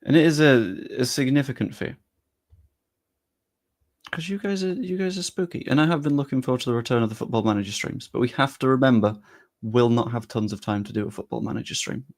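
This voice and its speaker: A man's voice: mid-range voice, brisk, a little mellow. A young man chatting casually and loosely on a live stream, talking straight to his chat with the odd swear.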